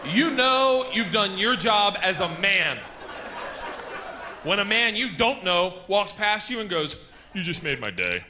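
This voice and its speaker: A middle-aged man doing a stand-up comedy set, telling stories loudly with shouted punchlines, recorded live on stage with audience noise. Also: sits high, slow pace. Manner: loud, animated storytelling with shouted punchlines.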